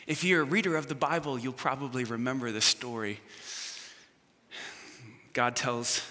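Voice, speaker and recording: A male pastor preaching a sermon, swinging from shouts to hushed near-whispers and calling on the congregation to answer back. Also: mid-range voice, steady tone, normal speed, slight background noise. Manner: asks the congregation questions and calls for responses. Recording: long reverb of a big hall.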